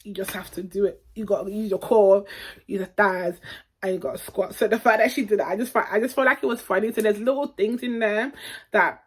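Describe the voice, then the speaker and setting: A woman's voice: mid-range voice, breathy edge. Talk like a young woman from telling friends about a film, frank, casual, mid-range voice. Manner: chatty, frank, slangy, with quick asides. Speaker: film reviewer. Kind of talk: casual spoken film review.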